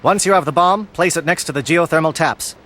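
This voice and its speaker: An actor playing a stern, disciplined alien military captain in a video game, speaking in formal, clipped military phrases. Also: male voice, fairly high pitch, brisk, fairly bright tone, close to an everyday voice. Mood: resolute. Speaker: commander briefing troops.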